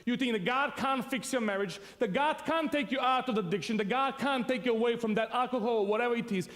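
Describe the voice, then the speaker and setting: High-voiced preacher in a reverberant hall. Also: male voice, quick pace. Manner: animated storyteller, laughs often, acts out sounds and voices. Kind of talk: sermon with a humorous personal story.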